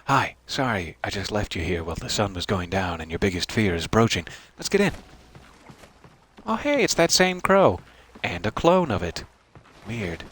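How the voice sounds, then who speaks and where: A man's voice: fairly low pitch, sing-song, normal speed, a bit bright, slightly rough. A male streamer doing let's-play commentary with puns and dry, sarcastic asides.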